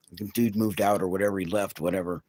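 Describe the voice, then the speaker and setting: A man's voice: sits low, steady tone, a little fast, a little mellow, slightly rough, no room sound. A man in his late fifties hosting a live stream, talking in a blunt, rambling way and laughing between his stories. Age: late 50s.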